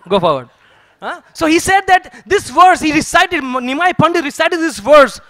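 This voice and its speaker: Guy preaching, very high voice, bright, chatty storytelling, dry close sound. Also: normal speed, no echo. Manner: lively storytelling, chuckling, conversational. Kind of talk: sermon. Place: temple hall.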